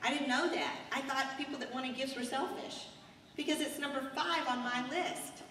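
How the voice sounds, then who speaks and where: A middle-aged woman giving an earnest, animated motivational talk to an audience in a hotel meeting room. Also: high voice, normal speed, slight background noise. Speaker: sales director speaking at a seminar. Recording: echoey hall recorded from far off.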